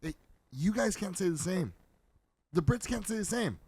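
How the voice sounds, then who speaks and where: A man's voice: sits high, moderate pace, slight background noise. A man, joking and mocking in a casual reaction chat as co-host. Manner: animated, mocking, bursts into shouting. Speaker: podcast co-host reacting to videos.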